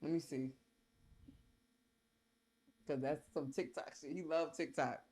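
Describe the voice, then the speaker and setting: A man's voice: fairly high pitch, fairly even intonation, slow pace, darkish tone. A man co-hosting a casual chat who argues playfully and explains things at length, with many "like"s. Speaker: co-host. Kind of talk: casual banter.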